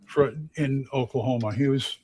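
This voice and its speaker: A stage actor who is a regular on a live chat show talks casually in a medium-pitched, darkish voice with fairly even intonation at normal speed. He tells rambling stories about his stage acting, restarting often. There's no room sound.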